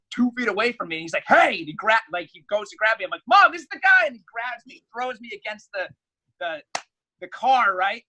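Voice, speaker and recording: Young man with a bright voice, telling a story. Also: high-pitched, poor audio. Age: young adult. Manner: animated, acts out quoted voices loudly. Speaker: podcast guest. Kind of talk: casual storytelling.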